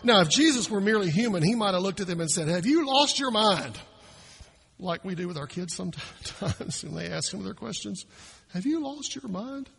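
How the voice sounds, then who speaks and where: A man's voice: sits high, gravelly, a bit bright, husky, big-room sound. A male pastor preaching a sermon in a church, talking conversationally and acting out the people he quotes.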